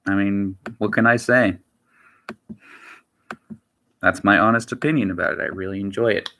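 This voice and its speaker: A man's voice: lowish voice, fairly even intonation, normal speed, bright, forceful tone, a little hiss or hum. A man chatting casually on his livestream, rambling and repeating himself with lots of filler words. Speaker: streamer.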